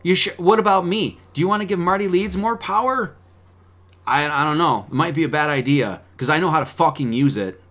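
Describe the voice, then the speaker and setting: A man preaching in a fiery, profane way, swinging between loud outbursts and quiet asides. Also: a little high, a little fast. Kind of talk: profane sermon-style talk.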